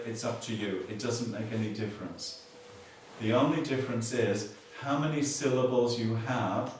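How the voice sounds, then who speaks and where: A male Buddhist teacher with a medium-pitched, darkish voice gives a dharma talk in a meditation hall; the distant recording is very echoey and carries a little hiss or hum. He explains slowly, keeps returning to key words, and uses dry humor.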